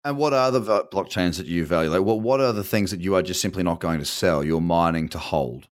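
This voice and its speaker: A man's voice: low-pitched, fairly quick, no echo, studio quality. An Australian man hosting a casual interview, asking long rambling questions with many restarts. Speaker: podcast host.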